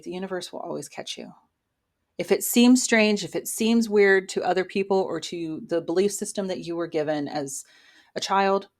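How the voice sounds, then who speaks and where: A woman giving a casual weekly tarot reading into her own microphone, talking in an encouraging, motivational way. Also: lowish voice. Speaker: tarot reader and spiritual coach.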